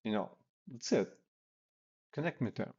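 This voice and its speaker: Here a man gives casual instruction on phone selling, role-playing example cold-call lines aloud. He speaks at normal speed in a mid-range, darkish, slightly rough voice with lively intonation, and the highs are cut off.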